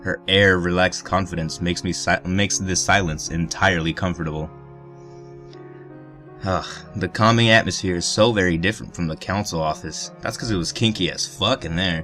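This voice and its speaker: A man's voice: deep voice, moderate pace, sharp tone, soft background music. A man reading a visual novel aloud for a let's play, breaking off with crude, joking asides. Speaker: let's player.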